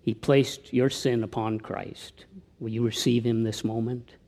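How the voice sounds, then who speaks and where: A man preaching a sermon, who tells anecdotes and often drops to a hushed tone for his appeals. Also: mid-range voice, flat delivery, measured pace, gravelly. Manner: tells anecdotes, with slips and restarts. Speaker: pastor.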